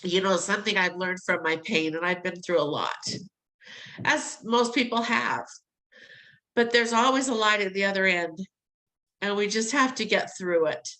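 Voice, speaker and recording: A woman's voice: mid-range voice, moderate pace, pushed and bright, poor audio. A middle-aged woman telling a personal story in an interview, acting out the voices she quotes and laughing between lines. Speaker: interview guest.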